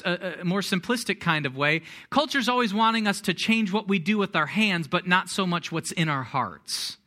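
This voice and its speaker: A man's voice: high-pitched, bright, forceful tone. A middle-aged man preaching a sermon, telling a personal story with self-deprecating humor before turning to scripture. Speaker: pastor.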